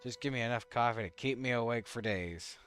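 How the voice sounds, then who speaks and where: A man's voice: mid-range voice, a little fast, fairly bright tone, faint music behind. A man streaming a game, making crude, joking asides as he plays. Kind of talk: casual gameplay commentary.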